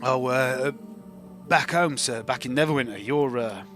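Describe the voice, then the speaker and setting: A man's voice: medium pitch, a little slow, fairly bright tone, soft background music, lightly acted. A man voicing a meek, apologetic traveller who sells ale, stammering and hesitant as he talks. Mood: nervous. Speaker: non-player character.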